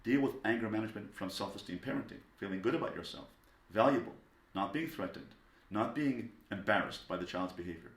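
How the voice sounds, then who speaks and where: A low-pitched man teaches parents in a calm, measured lecture, leaning on key words. His voice rings in a noticeably echoey room. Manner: calm and deliberate, stressing single words.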